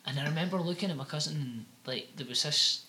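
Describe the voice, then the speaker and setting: A man's voice: fairly high pitch, a little fast, heavy background noise. A young adult man with a Scottish accent, rambling through crude, sweary anecdotes as a podcast co-host. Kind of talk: casual comedic chat.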